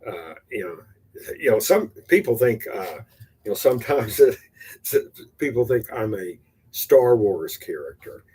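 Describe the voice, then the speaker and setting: Brief: older man from Texas, husky voice, rambling self-deprecating vlog talk. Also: fairly low pitch, sing-song, a little slow, dark tone. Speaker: amateur stand-up comedian. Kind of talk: casual vlog, rehearsing stand-up.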